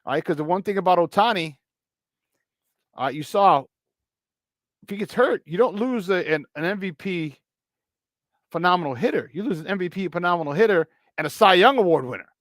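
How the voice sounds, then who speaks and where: A man hosting a sports talk show, reading the chat and chatting in an animated way, swinging between loud and soft. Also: high-pitched, brisk, pauses often, dry recording, clean studio sound.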